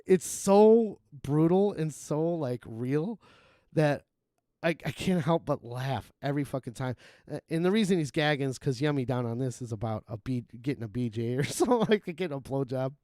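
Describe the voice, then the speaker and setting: Chatting on a live game stream, a man rambles, swears freely, and often chuckles in casual gaming talk. His middle-pitched voice is expressive, a little mellow, and at normal speed. The audio is close and dry, with no room sound or echo.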